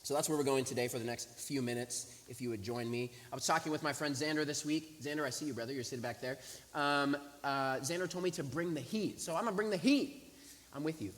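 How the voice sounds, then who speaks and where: A man's voice: mid-range voice, quick pace. A young man, a pastor for young adults, preaching a casual, conversational sermon and acting out a story. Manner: animated storytelling, voices the people in his story; casual, talks to the congregation directly. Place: church sanctuary. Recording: hissy room recording with long hall reverb.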